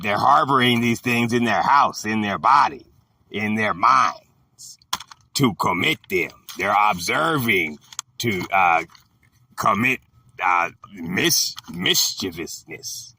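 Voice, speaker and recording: A man slowly teaching a Bible chapter in an informal, drawling way, repeating phrases and talking back to an imagined devil. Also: medium pitch, creaky, bright, forceful tone, husky, dry recording, far from the mic. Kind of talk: informal Bible study monologue.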